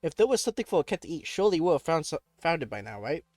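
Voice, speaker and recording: A man's voice: a little high, sing-song, rapid-fire, a little mellow, no room sound, studio quality. Man reading game text aloud with laughs. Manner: laughs often, breaks off with startled exclamations. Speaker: gamer playing a text adventure.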